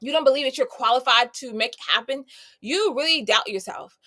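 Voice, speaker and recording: A woman's voice: high-pitched, a little fast, bright, forceful tone. A woman in her thirties giving an exuberant, preachy motivational live talk, greeting viewers by name. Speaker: host.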